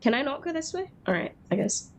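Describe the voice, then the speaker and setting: A woman streaming a video game, chatting casually and excitably and echoing the game text aloud. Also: sits high, fast talker, gravelly, a little hiss or hum. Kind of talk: casual gaming chat. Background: game music.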